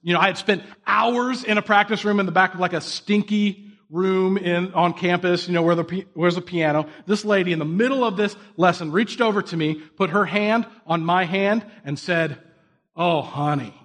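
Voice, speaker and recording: In a relaxed, conversational sermon, a man shares self-deprecating stories and puts direct questions to his listeners. His voice sits high, and he keeps a moderate pace with few pauses.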